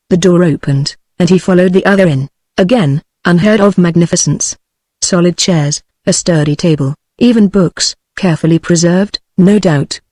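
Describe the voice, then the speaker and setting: A text-to-speech woman's voice with a British English accent, reading audiobook narration in an even, steady way. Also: on the low side, no echo, studio quality.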